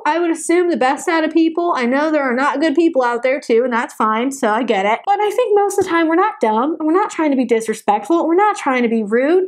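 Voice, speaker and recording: High-voiced woman vlogger, casual, animated, exasperated. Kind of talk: casual storytelling to camera.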